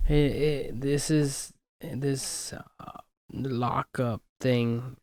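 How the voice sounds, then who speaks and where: A man's voice: medium pitch, steady tone, drawn-out words, a little mellow. A man hosting a podcast who talks casually and loosely, with slang and swearing. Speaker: podcast host. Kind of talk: casual conversation.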